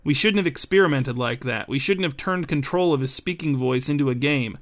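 A man's voice: medium pitch, brisk, close to an everyday voice. A man voicing a frazzled, talkative middle-aged mother who rambles, apologizes and over-explains, raising his voice for her. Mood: rambling.

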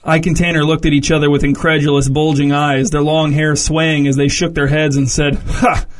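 A man reading a comic story aloud in a dry, deadpan narration. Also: a little high, fairly quick. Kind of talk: scripted narration.

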